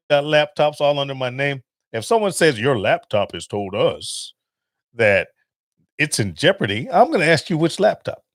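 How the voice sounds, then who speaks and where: Animated man telling stories into a dry mic. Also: a little high, no room sound. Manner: animated storytelling with laughs and acted-out phone calls. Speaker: podcast host. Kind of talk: casual monologue.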